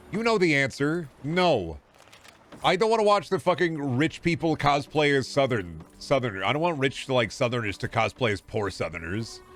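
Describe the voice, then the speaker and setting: A man's voice: mid-range voice, fairly bright tone. A young man streaming a game, cracking sarcastic, profane jokes and rambling about what he finds. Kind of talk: casual gameplay commentary.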